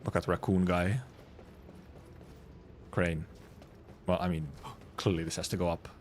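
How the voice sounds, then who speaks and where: A young man streaming a video game, thinking out loud with playful, swearing, laughing casual commentary. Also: low-pitched, fairly even intonation, measured pace, a little hiss or hum.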